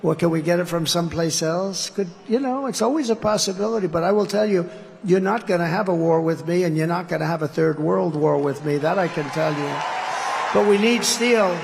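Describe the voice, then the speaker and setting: A man's voice: sits high, a little fast, gravelly, long reverb tail, a little hiss or hum. A man giving a campaign rally speech, rambling and repetitive with boastful asides. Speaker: political candidate addressing a rally.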